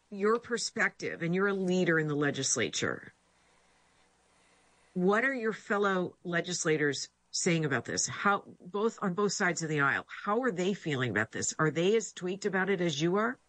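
A woman's voice: fairly low pitch, big pitch swings, moderate pace, fairly bright tone, no room sound. A woman hosting a remote news interview, asking pointed questions in a sympathetic way. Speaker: interview host.

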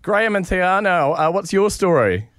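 A man's voice: sits high, sing-song, moderate pace, fairly bright tone, no room sound, studio quality. A New Zealand man co-hosting a radio show, playful and laughing easily. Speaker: radio co-host. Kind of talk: casual radio banter.

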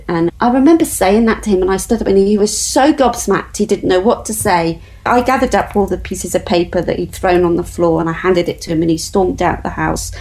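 A woman's voice: lowish voice, fairly quick, hardly any pauses, a little mellow, poor audio. A woman, a guest in an interview, telling her story in an earnest, faith-driven way.

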